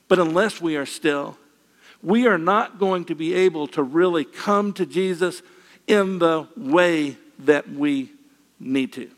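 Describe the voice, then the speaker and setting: Older male preacher, folksy and lightly humorous, slightly high voice, reverberant hall. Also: moderate pace. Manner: folksy, with gentle humor and repeated phrases. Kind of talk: sermon.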